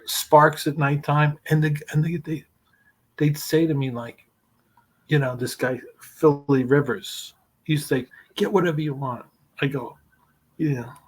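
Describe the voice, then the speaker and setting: Podcast guest: male storyteller, husky, swears freely, rambles through anecdotes. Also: on the high side, level tone, takes it slowly. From New York. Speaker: guest, screenwriter. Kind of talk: casual storytelling.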